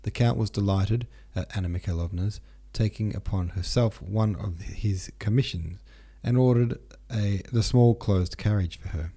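Low, husky male narrator. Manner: steady, unhurried reading with small slips. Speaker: audiobook narrator. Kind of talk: scripted narration.

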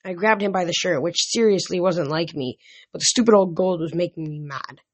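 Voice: mid-range voice, brisk, no echo. A reader narrating a novel in the first person in a casual way, with small slips and restarts. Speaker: audiobook reader.

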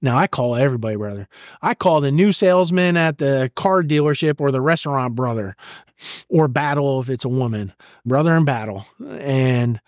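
As an interview guest, a middle-aged American man who retired as a command sergeant major shares his story with emotion, bluntness, and frequent profanity. His voice is mid-range at a moderate pace, recorded at studio quality without echo.

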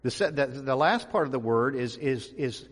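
A man's voice: mid-range voice, lively intonation, normal speed. A man, a pastor, giving a conversational sermon with frequent ums and restarts, building to emphasis. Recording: long reverb of a large room.

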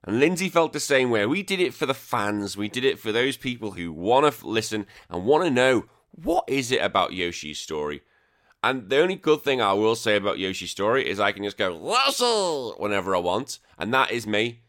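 A man's voice: lowish voice, expressive, brisk, a bit bright. Chatty, self-mocking British man hosting a podcast. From United Kingdom. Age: adult with a young daughter. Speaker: podcast host. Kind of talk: casual podcast intro.

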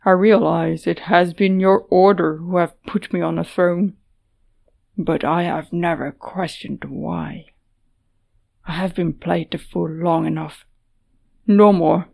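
Defiant storybook ruler, accusing and slow, read by a woman. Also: fairly high pitch, steady tone, vocal fry, a little mellow, full character voice. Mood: commanding. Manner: commanding, accusatory. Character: suspicious young ruler, newly defiant.

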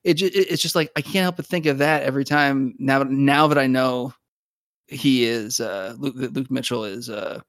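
A podcast co-host with a mid-range, fairly bright voice speaks at normal speed in clean studio sound with no room echo. His casual recap chat rambles with many restarts and "like" fillers, and he laughs often.

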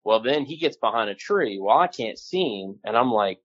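A man guest telling a lively hunting story, casual and profane, with lots of fillers. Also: mid-range voice, normal speed, muffled recording. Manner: animated, swears casually, many fillers. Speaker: guest hunter.

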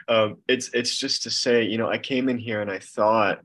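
Young man, 20s, deep, earnest halting share on a video call. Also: fairly bright tone, poor audio. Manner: earnest, halting, laughs nervously. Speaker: meeting member sharing. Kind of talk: casual personal share.

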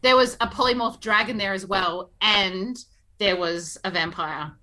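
A woman co-hosting a podcast in casual chat, playful and excitable, quick to exclaim. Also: medium pitch. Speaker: podcast co-host.

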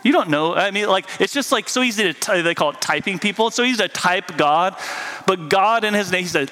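A man's voice: high voice, animated, fast, pushed and bright. A man preaching a casual, conversational sermon in a church, chatty and full of "like" and "right?". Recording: long hall reverb.

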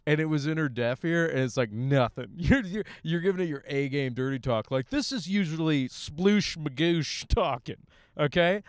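A man's voice: moderate pace, no echo, studio quality. A young man from Michigan, a stand-up comic hosting his own podcast, rambling crude jokes in casual talk while riding a bus. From Michigan, USA. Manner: crude, jokey, animated with sudden high-pitched bits.

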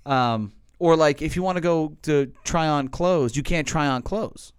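A man co-hosting a casual podcast, telling rambling stories at his own expense and cursing freely. His voice is smooth and resonant, recorded close and dry with no room sound. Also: fairly high pitch, a little slow, no room sound. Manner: rambling, self-mocking storyteller with frequent cursing. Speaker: podcast co-host. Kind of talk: casual chat.

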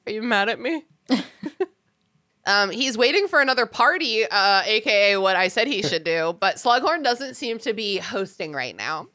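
A woman hosting a podcast in casual chat, animated and swearing freely. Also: mid-range voice. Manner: animated, swearing, quick asides. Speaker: podcast host.

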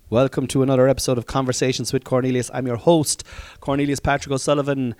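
A man's voice: mid-range voice, flat delivery, fast, music in the background. A man hosting his own comedy podcast, talking in a rambling, jokey way and swearing casually, recorded in a room at home.

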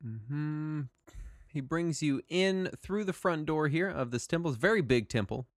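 A man narrating a tabletop game as its game master. He talks in a relaxed way, laughs easily and fills pauses with "uh." His pitch moves a lot, and the sound is dry and close. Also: dry recording.

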